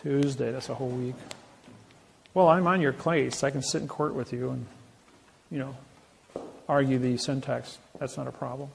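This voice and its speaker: A man's voice: medium pitch, steady tone, moderate pace, creaky, long pauses, a little hiss or hum. A man talking casually and boastfully about his legal exploits, rambling with frequent restarts. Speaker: self-styled legal advocate. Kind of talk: casual storytelling talk.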